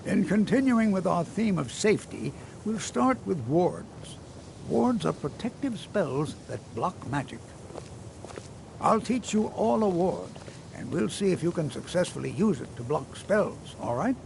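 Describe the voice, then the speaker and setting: Fussy old wizard teacher, bouncy gravelly voice, noisy game audio. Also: male voice, high voice, sing-song, a little slow, exaggerated voice. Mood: lecturing. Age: older. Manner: gentle, fussy, lecturing. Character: patient, kindly old male wizard teacher. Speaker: magic instructor. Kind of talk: video game voice acting.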